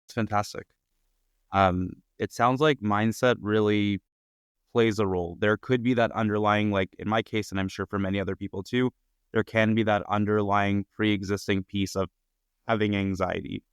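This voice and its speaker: A man hosts a podcast in a very low voice that stays flat and steady. He affirms his guest and asks measured questions. His voice is smooth and close, with a dry sound. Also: no echo. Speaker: podcast host. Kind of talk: podcast interview.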